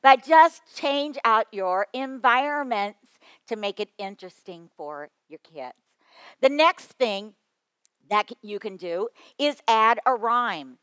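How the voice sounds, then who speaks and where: A middle-aged woman giving a storytelling talk to children's ministry teachers, lively, with quick asides and chuckles. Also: a little high, smooth, no room sound. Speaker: children's ministry workshop speaker.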